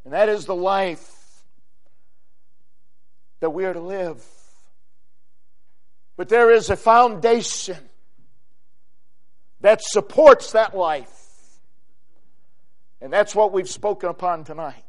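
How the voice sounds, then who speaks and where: High-voiced, slow, emphatic male preacher. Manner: emphatic, swinging between loud exclamation and quiet low phrases. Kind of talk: sermon.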